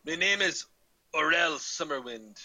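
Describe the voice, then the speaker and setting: A man's voice: a little high, animated, unhurried, pushed and bright, no room sound, pitched above the performer's own voice, full character voice, rough recording. A man voicing a prickly, bearded female dwarf researcher in a put-on Scottish accent, grumbling and dismissive. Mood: gruff.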